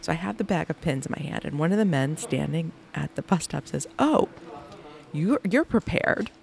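Woman telling an animated story. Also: low voice, fast talker, creaky. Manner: laughs often, acts out quoted people. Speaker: podcast host recounting her day.

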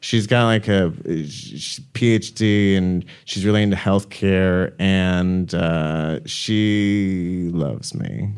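A man's voice: low voice, fairly even intonation, slow pace, few pauses, darkish tone, clear, resonant tone. A man from Arizona talking as a guest on a comedy talk show, rambling and self-deprecating, laughing often. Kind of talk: casual talk-show chat.

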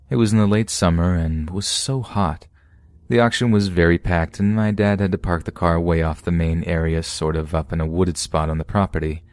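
A man narrating true scary stories in a steady first-person reading. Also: deep voice, dry recording, studio quality. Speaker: podcast narrator.

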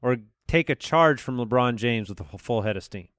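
A man's voice: medium pitch, animated, fairly quick, fairly bright tone, dry recording, studio quality. A man hosting a casual chat show, steering the talk and reading out listener questions. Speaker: podcast host.

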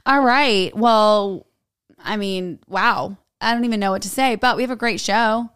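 A woman, co-hosting a podcast in animated, chatty talk and laughing often. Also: mid-range voice, measured pace, clear, resonant tone, no room sound, clean studio sound. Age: 30s. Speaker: podcast co-host. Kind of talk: casual chat.

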